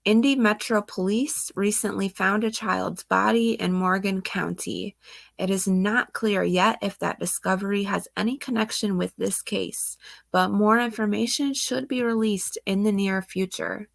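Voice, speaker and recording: A woman's voice: medium pitch, steady tone, measured pace, vocal fry, no room sound. A woman reading out news reports on missing children and commenting on them, emotional and sighing, close to tears. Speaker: true crime channel host.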